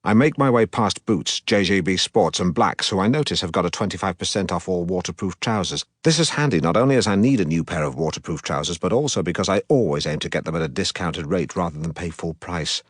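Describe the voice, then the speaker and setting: A man reading an audiobook as a pompous, self-regarding middle-aged broadcaster, in a deadpan, self-important manner. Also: low voice, brisk, few pauses, dry recording, studio quality. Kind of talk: audiobook narration.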